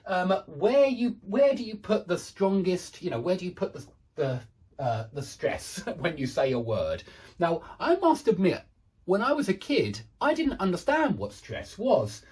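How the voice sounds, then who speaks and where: Man, English teacher, online pronunciation lesson, chatty, self-deprecating, very animated pitch. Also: breathy edge. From England. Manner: chatty, self-deprecating, slows to model words.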